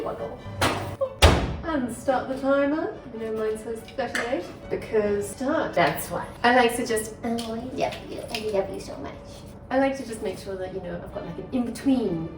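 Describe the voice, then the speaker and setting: A woman hosting a casual home cooking vlog, bubbly and gushing, talking fondly to her bread as she bakes. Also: a little high. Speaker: cooking vlogger. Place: home kitchen. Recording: echoey room, faint music.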